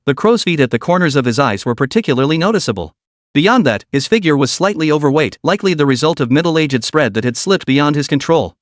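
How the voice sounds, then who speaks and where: Lively higher-voiced male story narrator. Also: no echo, studio quality. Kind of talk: scripted story recap narration.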